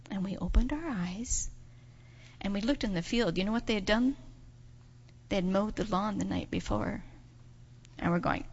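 A woman telling a children's story in church, animated and expressive, putting on voices for the people in her tale. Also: normal speed, creaky, long pauses. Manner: expressive, acts out voices with big pitch jumps. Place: church sanctuary. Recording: dull sound in a reverberant church hall.

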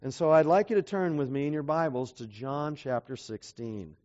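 A man's voice: on the high side, normal speed, darkish tone, dull audio. A man preaching a sermon to a seminar audience, often checking in with rhetorical questions. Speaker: pastor.

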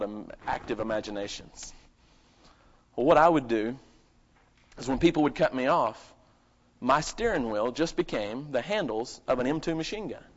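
A man preaching a live sermon at a church service, swinging between loud emphatic bursts and quiet asides and asking the congregation questions. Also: mid-range voice. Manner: asks the congregation rhetorical questions. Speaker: pastor. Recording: lo-fi dull recording.

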